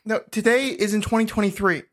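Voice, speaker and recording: A woman's voice: medium pitch, fairly even intonation, fast. A woman co-host reading the user's side of a chat log on a comedy podcast, incredulous and patient. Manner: incredulous, patient, breaks into laughter.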